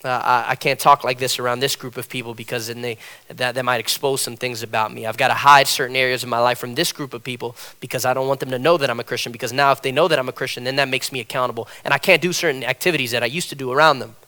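A man preaching a sermon from a church platform, animated and repetitive, acting out the people he quotes. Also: medium pitch, fast. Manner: animated, repeats phrases, acts out quotes. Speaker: pastor.

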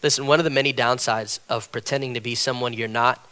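Bright-voiced man preaching a lively sermon. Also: mid-range voice, quick pace, clear, resonant tone. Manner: animated, repeats phrases, acts out quotes. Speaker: pastor. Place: church platform.

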